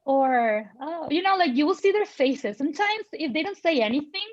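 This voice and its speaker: A woman in her thirties speaks candidly as a parent on a panel, outspoken and animated, acting out the people in her stories. Her voice sits a little high. The sound is dry and slightly muffled, like a video call. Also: moderate pace, dry recording. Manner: outspoken, animated, full of fillers and voiced quotes. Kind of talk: personal storytelling in a panel conversation.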